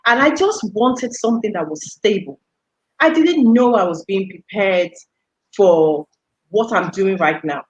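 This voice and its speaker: A middle-aged woman from the UK speaks as an interview guest with an animated, storytelling manner. Her voice sits in a mid range, and she talks in a relaxed, conversational way. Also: medium pitch, measured pace, poor audio. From United Kingdom. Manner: animated storyteller, laughs often, acts out quoted voices. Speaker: guest, radio station executive. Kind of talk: casual interview chat.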